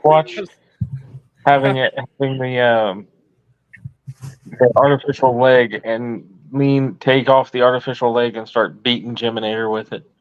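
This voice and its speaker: A man's voice: mid-range voice, fairly even intonation, a little slow, no room sound, lo-fi sound. A man chatting on a podcast in a rambling, hesitant way. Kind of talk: casual chat.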